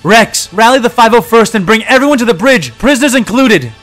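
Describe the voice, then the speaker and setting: A man's voice: extremely high pitch, expressive, a little fast, fairly bright tone, soft background music, voice pushed up. A man reading a story, voicing an alarmed female commander who barks orders. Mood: commanding. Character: alarmed female commander, a former warrior monk.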